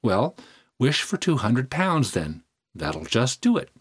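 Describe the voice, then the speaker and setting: A man's voice: on the low side, sing-song, moderate pace, breathy edge. A man reading aloud as a cheeky young son who teases and jokes. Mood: teasing. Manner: teasing, mock-solemn. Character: cheeky joking young son, playful and irreverent. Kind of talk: audiobook reading.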